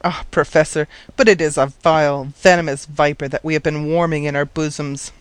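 A man putting on a sharp-tongued young housekeeper woman with a shrill, high-pitched voice, indignant and biting. The sound is close and dry, with no room around it. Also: steady tone, a little fast, smooth, dry recording, close to an everyday voice. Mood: furious.

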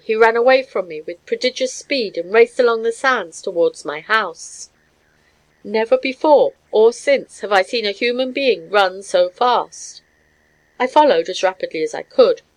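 A woman reading a story aloud as an audiobook narrator, measured and even. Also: medium pitch, low-quality recording. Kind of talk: scripted narration.

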